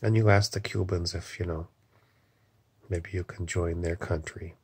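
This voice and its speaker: A man's voice: sits low, fairly even intonation, a little slow, slightly rough. A man in an angry, rambling political rant, swearing often and leaning on "you know". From Canada.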